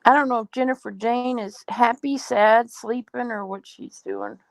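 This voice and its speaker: A woman chatting casually with friends, telling playful stories in an animated way. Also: a little high, normal speed, no echo. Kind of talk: casual chat among friends.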